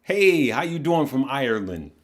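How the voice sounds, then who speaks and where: A middle-aged man hosting a casual livestream, greeting viewers by name in a relaxed, heartfelt way. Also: medium pitch, moderate pace. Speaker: livestream host.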